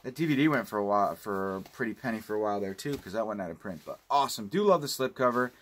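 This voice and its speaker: A man's voice: lowish voice, lively intonation, fast talker, a little hiss or hum. Guy vlogging about his disc haul, rambly, swears a lot, gets ranty. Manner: rambling, profane, ranting. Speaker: home video collector vlogger. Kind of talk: casual unboxing review.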